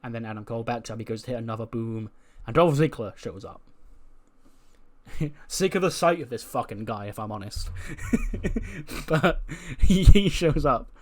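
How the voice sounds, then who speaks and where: A man's voice: mid-range voice, animated, normal speed, long pauses. A man casually narrating a recap of a wrestling management game, chatty and profane, laughing as he tells it. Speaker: game video host.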